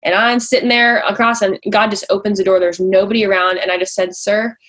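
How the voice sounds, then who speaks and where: A woman's voice: mid-range voice, steady tone, brisk, fairly bright tone. A young woman, a pageant coach and podcast host, tells a personal faith story to her listeners in a chatty way, full of fillers and acted-out quotes. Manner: chatty, many likes and fillers, acts out quoted lines.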